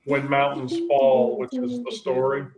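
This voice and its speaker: A man hosting a relaxed group chat, rambling and often restarting his sentences. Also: mid-range voice, unhurried, dull audio. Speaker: host. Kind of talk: casual chat.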